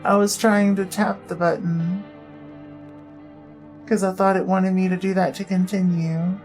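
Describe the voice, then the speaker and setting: A woman streams a game and talks over it in a low, mellow voice. She curses freely and reacts loudly to what happens on screen, with faint game music behind her. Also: steady tone, measured pace. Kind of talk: gameplay commentary, reading game dialogue aloud.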